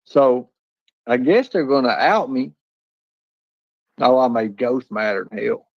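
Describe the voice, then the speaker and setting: A man's voice: mid-range voice, lively intonation, takes it slowly, creaky, no room sound. A man co-hosting a casual livestream chat, rambling and often stammering and restarting. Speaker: livestream co-host. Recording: dull lo-fi stream audio.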